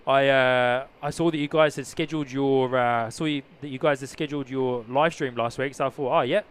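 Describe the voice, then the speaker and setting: A man's voice: mid-range voice, steady tone, moderate pace, clean tone. A man with a New Zealand accent hosting a casual live plane-spotting stream outdoors, chatting and greeting viewers. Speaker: livestream host, plane spotter. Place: outdoors near an airport.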